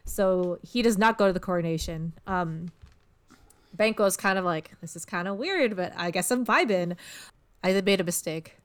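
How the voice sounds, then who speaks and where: A young woman casually retelling a story as a podcast host, irreverent and giggly, often slipping into quick character voices. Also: on the low side.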